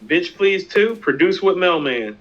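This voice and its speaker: A man co-hosting a casual hip hop talk show, animated and emphatic, repeating himself for effect. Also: high-pitched, measured pace, highs cut off. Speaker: podcast co-host.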